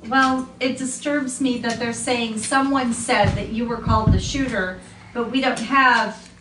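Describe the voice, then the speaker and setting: A woman's voice: a little high, steady tone, unhurried. A middle-aged mother earnestly questioning her son on a home recording, often talking over him. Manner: earnest, probing, talks over others. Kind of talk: family conversation on a home recording. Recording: echoey room, far from the mic, noisy.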